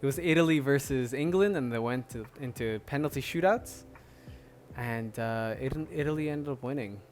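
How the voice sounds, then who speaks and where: A man's voice: medium pitch, moderate pace, a little mellow, faint music behind. A man hosting a solo podcast, chatting casually in a rambling way with lots of fillers. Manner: rambling, many fillers and restarts, laughs often. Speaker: podcast host.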